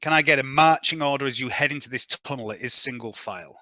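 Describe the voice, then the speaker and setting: A man's voice: mid-range voice, fast, sharp tone, dry recording. A man running a tabletop role-playing game as game master, thinking aloud and hesitating with fillers as he checks rules and gear.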